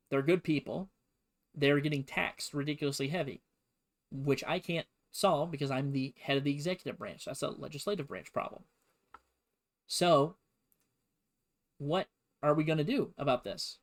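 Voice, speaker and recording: Dude voicing a chill reasonable old general, folksy, measured. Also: male voice, a little high, natural voice. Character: calm, reasonable older male general and president.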